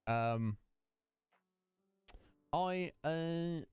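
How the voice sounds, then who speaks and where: A man's voice: fairly high pitch, expressive, extremely slow, darkish tone, clean tone, no room sound, clean studio sound, soft background music. A man chatting casually with his stream viewers, rambling between topics and greeting them by name. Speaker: game streamer.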